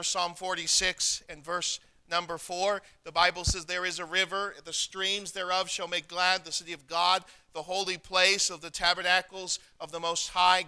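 A man preaching a sermon in a high, bright voice with a smooth, clear tone. He speaks slowly and deliberately, quoting scripture and repeating lines for weight. His voice swells on key words and fades softly at the ends of phrases. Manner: preaching with rising emphasis and soft, drawn-out endings. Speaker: pastor.

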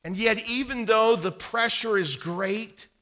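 A man's voice: sits high, a little slow, bright, forceful tone. A man preaching a sermon, reading scripture aloud and repeating phrases for emphasis, with his volume swelling and dropping. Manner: volume rising and falling for emphasis.

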